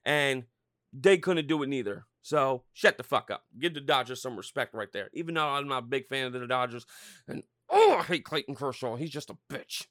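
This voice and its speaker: A man hosting a podcast, ranting about sports in a loud, profane, rambling way. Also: medium pitch, brisk, no room sound, studio quality. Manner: loud, swearing, rambling and fired-up. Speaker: podcast host.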